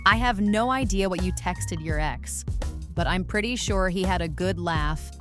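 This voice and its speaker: Woman reacting to clips, sarcastic, deadpan, music underneath. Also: on the low side, normal speed. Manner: mocking, deadpan. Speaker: reaction video host. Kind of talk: sarcastic commentary.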